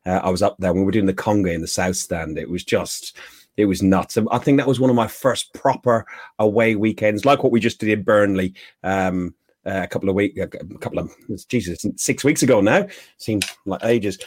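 Low-voiced guy hosting a footy podcast, dry mic, laid back. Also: brisk, slightly rough, dry recording. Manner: relaxed, asks guests questions. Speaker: podcast host. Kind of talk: casual football chat.

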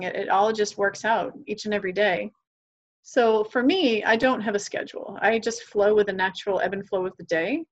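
Earnest woman coach, slightly dull audio. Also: medium pitch. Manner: earnest, enthusiastic, acts out quoted dialogue. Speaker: guest, parenting coach. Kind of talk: podcast interview, animated storytelling.

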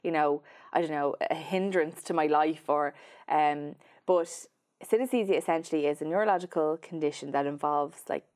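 Woman, journalist guest, casual and hesitant, slightly low voice. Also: moderate pace, darkish tone. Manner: chatty, hesitant, many fillers and restarts. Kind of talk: casual interview chat.

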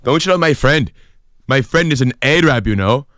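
A man's voice: on the low side, very animated, quick pace, pushed and bright, no echo, clean studio sound. A man voicing an indignant young man at a pub who makes insistent accusations.

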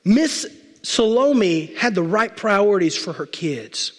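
A male pastor preaching a sermon, emphatic, stacking repeated phrases and slowing down to stress key words. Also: high-pitched, animated. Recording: long reverb of a large hall.

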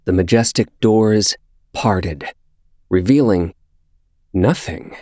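A man narrating an audiobook in measured, unhurried storytelling. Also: low-pitched, no echo, studio quality.

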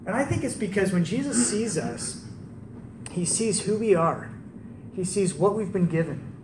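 A man's voice: sits high, expressive, moderate pace. A man preaching a sermon, telling stories in a conversational way and asking rhetorical questions. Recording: roomy, distant mic with faint background noise.

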